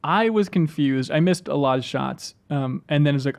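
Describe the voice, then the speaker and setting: Male podcast host, quick and a bit high-pitched, animated reader of listener mail. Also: gravelly. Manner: animated, reads messages aloud quickly. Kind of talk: casual podcast chat.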